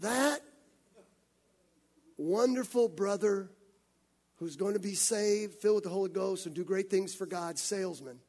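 A man's voice: high-pitched, a little slow, long pauses, a little mellow. A man preaching a sermon, telling a story animatedly and acting out the scenes. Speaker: pastor.

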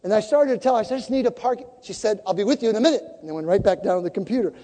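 Woman, preacher, storytelling sermon, animated, mellow voice, echoey church hall. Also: mid-range voice, very fast. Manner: animated, acts out conversations.

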